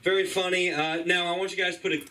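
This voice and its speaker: A man's voice: sits high, level tone, fast, bright, forceful tone. A man hosting an open mic, praising comics and introducing the next act. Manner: enthusiastic, introduces acts. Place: comedy club open mic. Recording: far from the mic, clear room noise.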